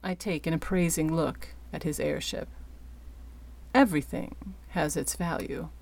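Slow, low-voiced woman narrating. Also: steady tone, vocal fry, darkish tone. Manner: slow, deliberate storytelling. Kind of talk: audiobook narration.

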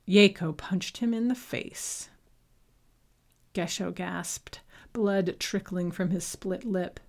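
Slow, low-voiced woman narrating a story. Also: fairly even intonation, vocal fry, darkish tone. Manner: measured, unhurried reading. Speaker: audiobook narrator. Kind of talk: scripted narration.

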